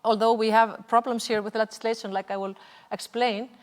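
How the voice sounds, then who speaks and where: A woman's voice: on the high side, level tone, a little fast. A woman with an Icelandic accent giving an impassioned seminar presentation over slides, earnest and often hesitating. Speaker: seminar speaker, activist. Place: large hall at a cultural venue. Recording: long reverb of a hall.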